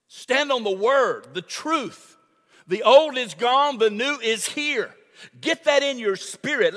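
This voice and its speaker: An older man preaching to his congregation, with a high, bright voice and an unhurried delivery. He repeats phrases for emphasis and calls on the listeners to answer back. The church hall rings with a long echo. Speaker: pastor. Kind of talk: sermon. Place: church sanctuary.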